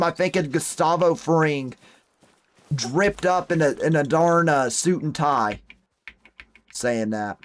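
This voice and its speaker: Slowly and expressively, a young man with a slightly high voice chats his way through a live stream of a hunting game. He reads viewer messages aloud and adds folksy exclamations.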